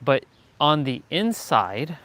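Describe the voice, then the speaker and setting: A man's voice: a little high, sing-song, slow pace, fairly bright tone. A man giving an earnest, emphatic motivational monologue while walking outdoors, repeating his key phrases. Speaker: motivational vlogger. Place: outdoors on a street.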